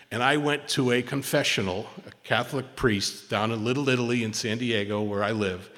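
Man telling a recovery story in a hall. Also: medium pitch. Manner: animated storyteller, dropping to a hushed voice for quotes; frequent restarts and repeated words. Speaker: recovery meeting speaker. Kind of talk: personal recovery story told to a meeting. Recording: long hall reverb.

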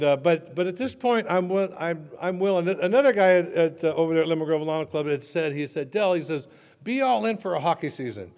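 A man's voice: high voice, darkish tone. A man sharing his recovery story at a meeting, conversational with self-mocking humor. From Southern California. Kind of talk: personal testimony talk. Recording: long reverb in a hall.

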